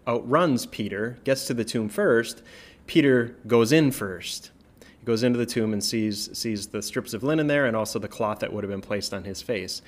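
Man, pastor type, relaxed scripture talk, slightly low voice, keeps asking "right?". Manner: conversational, checks in with "right?", many fillers. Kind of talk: casual Bible teaching.

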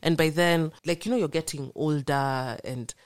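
A young woman tells her story as a podcast guest, earnest and animated, acting out the voices she quotes. Her voice sits low, and the recording is dry and close. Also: normal speed, dry recording. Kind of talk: personal storytelling in a podcast conversation.

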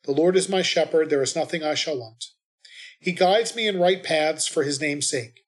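A man reading the responsorial psalm and scripture readings at Mass in a measured, steady way. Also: on the high side.

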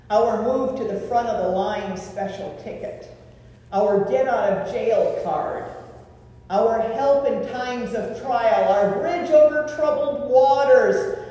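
A woman pastor preaching a sermon in a deliberate way, with rhetorical questions and lists, recorded in a church sanctuary. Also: on the high side, mellow, slight background noise. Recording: echoey hall from far off.

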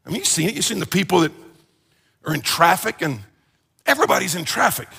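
A man preaching a conversational sermon as pastor, animated and joking, acting out everyday complaints. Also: high-pitched, quick pace, vocal fry, husky, long reverb tail.

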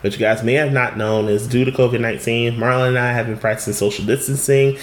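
A man's voice: mid-range voice, steady tone. Playful man co-hosting a podcast. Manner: playful, teasing, drawn-out intros. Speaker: podcast co-host. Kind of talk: casual podcast banter. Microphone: remote call, Skype. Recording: uneven quality over internet call.

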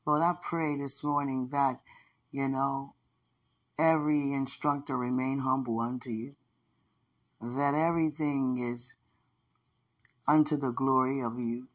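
A man with a husky, breathy voice delivers spontaneous prophetic preaching. He repeats his declarations in a rhythmic pattern. At times he sinks into a hushed whisper, speaking from a bedroom. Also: medium pitch, fairly even intonation, unhurried, long pauses. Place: bedroom corner.

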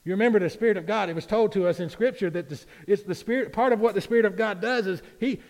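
In a reverberant church sanctuary, a man with a high-pitched, darkish voice preaches. His sermon is mostly conversational and chatty but climbs at times to emphatic peaks.

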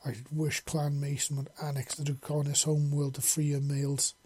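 Narrator doing protective alien warrior woman, vehement, husky, mellow. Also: a little high, monotone, moderate pace. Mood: fierce. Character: fierce protective female insectoid alien warrior.

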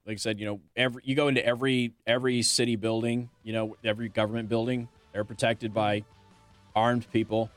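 A man's voice: mid-range voice, flat delivery, fast talker, dry recording, faint music behind. A man hosting a talk radio show, making his points with pointed rhetorical questions and hiccuping now and then. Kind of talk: opinionated talk radio monologue.

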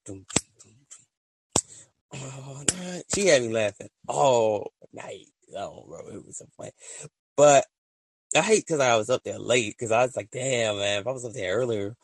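A man hosting a casual solo podcast, rambling and excitable, full of slang and often laughing at his own stories. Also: medium pitch, moderate pace, creaky, no echo. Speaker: podcast host.

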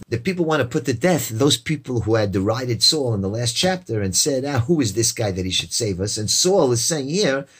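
A man with a slightly husky voice leads a verse-by-verse Bible lesson. He reads each verse in Hebrew, translates it, and explains it in a lively way, voicing the characters as he quotes them. His pitch sits in the middle range for a man. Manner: lively, acts out quoted speakers. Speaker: Bible teacher.

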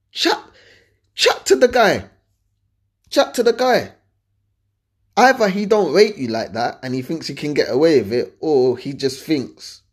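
A young man gives blunt, animated relationship advice in a casual, slangy way, repeating his points. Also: mid-range voice. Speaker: advice-giving host.

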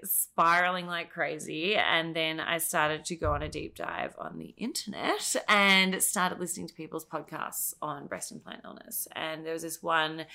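A woman telling her story as a podcast guest, animated and swearing freely as she acts out what others said. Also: low-pitched, creaky.

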